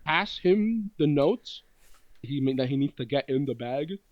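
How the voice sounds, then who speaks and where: A male player at a middle pitch rambles slowly through the party's plan. His voice is close and dry and comes through a dull, lo-fi mic. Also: animated, no echo. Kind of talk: casual tabletop play.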